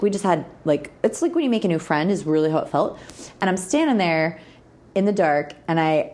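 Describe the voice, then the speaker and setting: A middle-aged woman, a podcast guest, telling frank and playfully crude stories in an animated way and jumping into the voices of the people she quotes. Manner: lively, acts out quoted people with big pitch jumps. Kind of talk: animated storytelling in a podcast interview.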